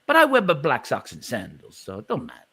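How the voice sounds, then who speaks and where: A man voicing a boastful, grumbling old Italian man from Brooklyn, gruff and rambling in a put-on Brooklyn accent. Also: medium pitch, wildly swooping pitch, quick pace, a bit bright, voice pushed down, heavily acted. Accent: put-on Brooklyn Italian-American.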